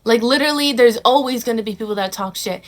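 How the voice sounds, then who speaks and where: A woman's voice: on the high side, quick pace. A young woman vlogging blunt, sassy advice to camera, calling the viewer honey and bro and swearing freely. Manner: mocks others in quoted put-on voices. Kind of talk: casual advice talk to camera.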